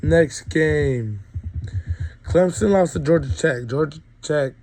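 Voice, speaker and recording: A man's voice: on the high side, slow pace, darkish tone, slight background noise, poor audio. A young man with a cold giving a rambling, opinionated college football recap, full of ums. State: sick, coughing. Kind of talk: casual sports recap monologue.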